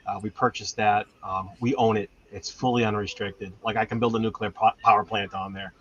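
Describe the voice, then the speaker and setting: A man's voice: on the low side, steady tone, fairly quick, fairly bright tone, a little hiss or hum. A man, hosting a homestead channel and chatting casually with lots of fillers, in a dull lo-fi recording. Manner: rambling, chatty storytelling with many fillers. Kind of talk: casual chat. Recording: dull lo-fi sound.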